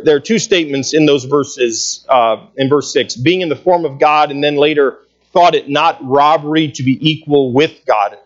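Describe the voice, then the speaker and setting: A man delivers a sermon in an earnest, emphatic way, often repeating a phrase for weight as he reads scripture aloud. His voice sits on the higher side for a man. The recording is dull and lo-fi, with the top end rolled off. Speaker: preacher.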